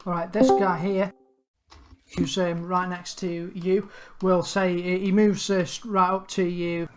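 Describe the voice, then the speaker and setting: A woman acting as game master, narrating a tabletop game and pausing often with fillers. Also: lowish voice, little pitch movement. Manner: halting, with many fillers.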